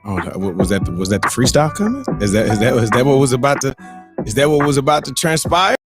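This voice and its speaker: Animated male morning-show host. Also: mid-range voice, quick pace, soft background music. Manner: animated, laughing, loose slang. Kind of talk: casual chat and storytelling.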